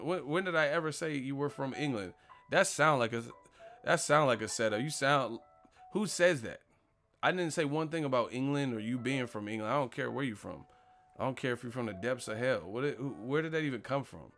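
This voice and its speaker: A man's voice: medium pitch, animated, normal speed, a bit bright. A man hosts a boxing live stream, swearing freely as he mocks and roasts commenters. His delivery is brash and confrontational. Faint music runs underneath. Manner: brash, profane, mocking and trash-talking. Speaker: boxing channel host answering live chat. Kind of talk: live stream commentary, reading chat questions.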